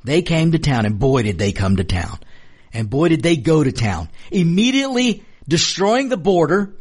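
Passionate, animated male commentator. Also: a little high, moderate pace, husky. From Mexican American. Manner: passionate and emphatic, repeats lines for stress. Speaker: political commentary host. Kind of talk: opinion monologue.

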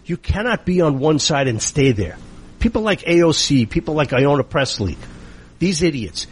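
Middle-aged man, indignant opinion monologue, rhetorical questions, husky tone, voice swinging up and down. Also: a little high, expressive, moderate pace. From United States. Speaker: political commentator.

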